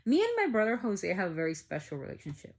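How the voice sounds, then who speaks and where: A woman vlogger casually telling a personal story to her viewers, animated and full of "like" fillers. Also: medium pitch, fast. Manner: animated, acts out quoted dialogue, many "like" fillers.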